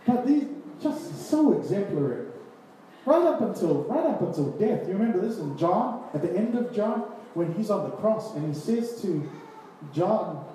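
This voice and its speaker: Male preacher, high, mellow voice, animated sermon, distant mic in an echoey hall. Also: normal speed, slight background noise. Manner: animated, acts out scripture scenes with voices and laughs.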